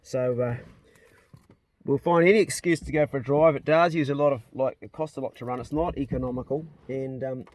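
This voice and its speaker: A man's voice: medium pitch, fairly quick, a little mellow. A middle-aged man with a New Zealand accent, chatting candidly on a casual vlog, rambling with slang and fillers, filming on a phone. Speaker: vlogger. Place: in a car and outdoors. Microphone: phone held while driving.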